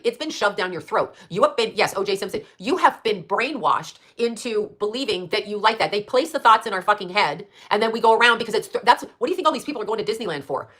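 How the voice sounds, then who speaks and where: Fast-talking woman ranting profanely. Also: medium pitch, lively intonation, fairly bright tone. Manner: profane, rambling, fires rhetorical questions. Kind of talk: casual ranting monologue.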